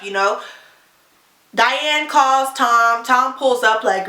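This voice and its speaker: A young woman vlogger recounts a wild night in an animated, profane storytime voice. Her tone is bright and forceful, pitched a little high for a woman. The room around her rings with echo. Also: a little slow. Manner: animated, profane, fired-up retelling with acted quotes. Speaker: beauty vlogger. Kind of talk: storytime vlog.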